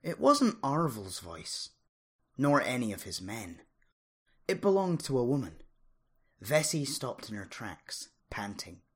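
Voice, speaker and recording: A narrator reading a fantasy story aloud in an expressive, dramatic way. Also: medium pitch, slow pace, slightly rough. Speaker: audiobook narrator.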